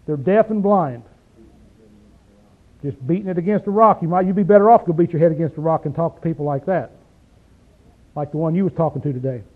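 A man teaches scripture in a chatty sermon, walking through a passage line by line. His voice sits high. The recording is thin and phone-like. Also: brisk, pauses often. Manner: conversational, explaining scripture verse by verse. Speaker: preacher.

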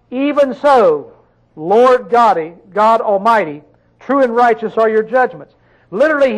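Male preacher with a high voice; sermon delivery, questioning listeners, with sudden loud emphatic bursts. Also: rough recording. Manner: reads scripture slowly and drawn out.

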